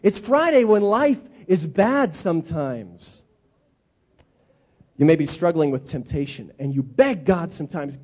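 Animated high-voiced male preacher. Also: unhurried, slightly rough. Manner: animated storytelling with dramatic repetition. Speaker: pastor. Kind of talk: sermon. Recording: dull lo-fi recording.

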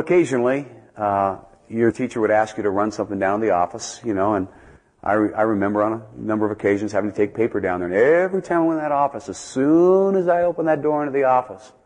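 A man preaching a sermon as a pastor, telling stories and building to loud, emphatic peaks before dropping back to quiet asides. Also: on the low side. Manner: storytelling, swings from soft asides to loud emphatic climbs. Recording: long reverb of a large hall.

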